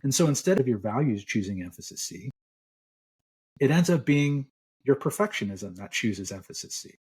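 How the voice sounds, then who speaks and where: A man's voice: medium pitch, animated, normal speed, darkish tone, slightly rough. A middle-aged man, a clinical psychologist, explaining ideas relaxedly in a podcast interview.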